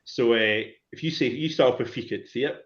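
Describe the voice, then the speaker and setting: A man's voice: mid-range voice, a little fast, a bit bright, muffled recording. Patient man teaching numbers. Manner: patient, encouraging, drills words call and response. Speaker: Gaelic language teacher. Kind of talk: relaxed one-to-one language lesson.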